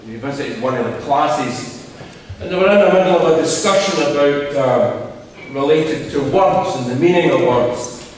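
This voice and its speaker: A man's voice: medium pitch, slight background noise. A Scottish man, a union leader, gives a rousing speech to a rally and tells a story with a joke in it. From Scotland. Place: large concert hall at a rally. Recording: echoey hall from far off.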